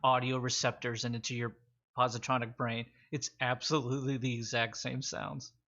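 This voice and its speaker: A man narrating a tabletop game as game master, relaxed and joking. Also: mid-range voice, moderate pace. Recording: dull lo-fi audio.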